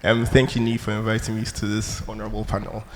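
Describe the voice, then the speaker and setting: A man introducing himself as a gallery director on a panel in a large hall, formal and measured. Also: fairly low pitch, completely flat delivery. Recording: long hall reverb, faint noise.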